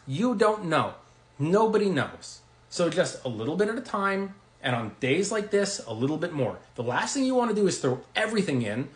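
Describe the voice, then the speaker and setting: An energetic man talks investing straight to camera in a fairly high, reassuring voice. He acts out quick quoted reactions along the way. The room around him rings with noticeable echo. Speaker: investing video creator. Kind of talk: direct-to-camera finance talk. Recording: roomy echo.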